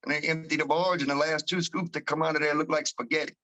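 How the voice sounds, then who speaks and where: A man with a South Louisiana accent, a towboat captain telling stories in a casual interview. He talks in an animated, rambling way with slang and frequent laughs, and acts out the voices of his crew. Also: on the high side, fast talker, low-quality recording. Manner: rambling with many restarts and slang.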